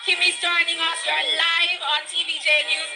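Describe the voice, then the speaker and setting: A Jamaican woman field reporter speaking in a very high voice, calling out over celebrating crowds and loud music on a busy street. Her live news delivery is raised but measured. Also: flat delivery, creaky, low-quality recording. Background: crowd cheering and music.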